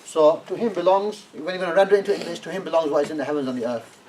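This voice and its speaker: A man teaches a class, often checking in with "yeah?" and calling on students to translate. His voice sits a little high for a man. It is caught by a mic set well away from him, with a faint hiss under the room. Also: racing. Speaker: Arabic teacher. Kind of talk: classroom lesson. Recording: distant classroom recording, faint noise.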